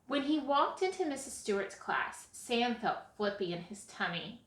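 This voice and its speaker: A woman reading a children's picture book aloud in an expressive way as storyteller. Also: fairly high pitch. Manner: expressive, slow read-aloud. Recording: echoey room.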